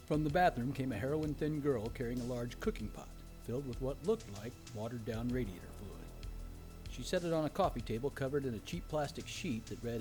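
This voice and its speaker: A man's voice: medium pitch, brisk, a little mellow, soft background music. A man narrating a horror story in a wry, dry storytelling manner.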